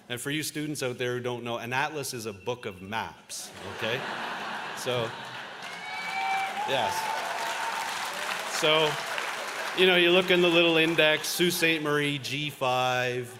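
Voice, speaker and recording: A journalist in his fifties from Ontario, Canada, is giving a convocation speech in a large auditorium, telling anecdotes with a few fillers. His voice sits at a medium pitch, carrying a big-room sound with background noise.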